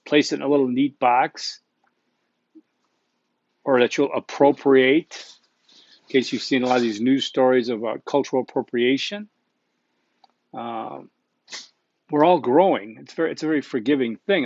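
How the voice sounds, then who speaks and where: A man's voice: mid-range voice, no echo. A man recording an online course lecture as the instructor, talking casually and bluntly with many asides and check-ins. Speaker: college instructor. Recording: dull muffled dry recording.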